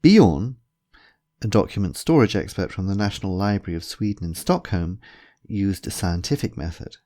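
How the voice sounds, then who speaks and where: A man with a lowish voice narrates a comic short story at a steady, measured pace. His delivery is even and controlled. He sounds like a practised reader. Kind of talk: scripted narration.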